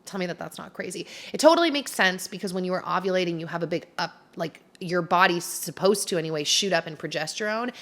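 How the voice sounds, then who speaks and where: A woman vlogger telling a personal story to camera in a chatty, animated, self-described dramatic way, seated indoors. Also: fairly low pitch, fast talker, hardly any pauses. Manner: chatty and animated, heavy use of "like". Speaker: YouTuber.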